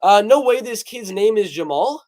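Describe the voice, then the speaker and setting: Young male livestream host, high voice, casual and jokey, reads out chat comments. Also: animated, normal speed, darkish tone. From North Carolina. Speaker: MMA prediction livestream host.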